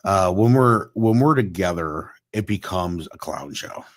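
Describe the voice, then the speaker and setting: A man co-hosting a podcast, telling lively stories in casual chat, acting out quotes and laughing often. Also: low voice, a little slow. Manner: animated storyteller, acts out quotes, laughs often. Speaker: podcast co-host.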